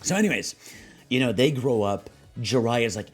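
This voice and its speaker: A man's voice: medium pitch, animated, normal speed, slightly rough, faint music behind. Slangy young man streaming, rambling. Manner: rambling, laughing, slangy, voices quoted characters. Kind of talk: casual livestream chat, reading chat prompts.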